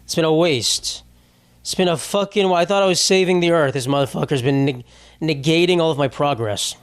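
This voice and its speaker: A man's voice: a little high, a little fast, clean tone, no room sound, studio quality. A young man hosting a solo comedy podcast, ranting in a rambling, profane, exasperated way. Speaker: podcast host.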